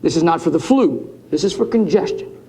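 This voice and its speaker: In a conference hall, a man gives a keynote, speaking fairly quickly in an expressive, higher-pitched voice that's a bit mellow and husky. He tells jokey stories and talks straight to the crowd.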